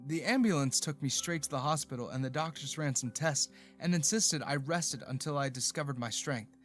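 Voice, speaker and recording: Male narrator, first-person story, slightly high voice, soft music behind.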